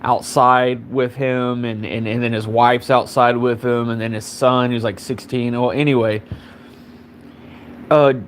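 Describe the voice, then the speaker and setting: A man talking at an ordinary mid-level pitch, telling a story in a loose, rambling way. He swears freely and keeps stacking up fillers as he goes. There is a faint hum of background ambience behind him. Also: little pitch movement, unhurried. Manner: rambling and profane, heavy on fillers. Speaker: live streamer. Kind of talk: casual storytelling.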